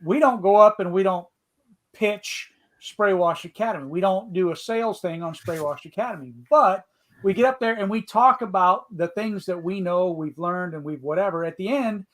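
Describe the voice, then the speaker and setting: A man's voice: sits high, normal speed, a bit bright. A man co-hosting a podcast in casual chat, talking loosely and repeating words. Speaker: podcast co-host.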